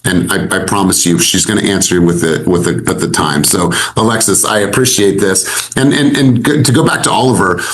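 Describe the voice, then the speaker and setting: A man leading a group coaching session on a video call, energetic and emphatic, repeating his key points. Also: low voice, brisk, few pauses, slight background noise, poor audio. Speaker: sales coach.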